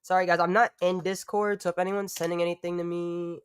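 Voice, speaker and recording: Woman streamer just rambling and cussing, laughs a lot, smooth lowish voice, dry sound. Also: fairly even intonation, moderate pace, no room sound. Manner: rambling and profane, laughs often. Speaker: live-stream host. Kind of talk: casual live-stream chat.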